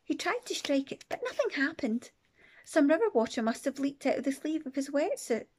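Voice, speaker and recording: A woman teacher reading a children's book aloud with expressive, playful asides. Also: sits high, normal speed. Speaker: primary teacher. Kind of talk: storybook read-aloud.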